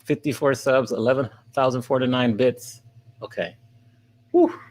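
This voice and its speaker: A streamer who also teaches college laughs often as he works through questions live, thanking viewers by name. His voice is mid-range with a darkish tone, at normal speed.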